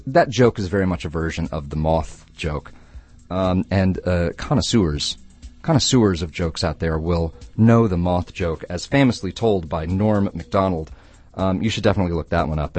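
A man hosting a late-night call-in radio show, joking with callers and laughing often. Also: sits low. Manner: playful, laughs often, animated.

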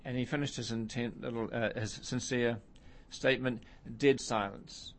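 A middle-aged man with a mid-pitched voice chats as a guest, rambling loosely through anecdotes. He fills his talk with ums and uhs and laughs at himself. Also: fairly even intonation, normal speed. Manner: rambling storyteller, self-deprecating, many fillers. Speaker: musician guest. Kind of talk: casual interview chat.

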